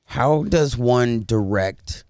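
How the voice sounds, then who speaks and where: A man's voice: mid-range voice, extremely slow, darkish tone, dry recording, clean studio sound. A man hosting a podcast, asking curious questions in a casual style and swearing freely. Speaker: podcast host. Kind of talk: casual chat. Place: podcast studio.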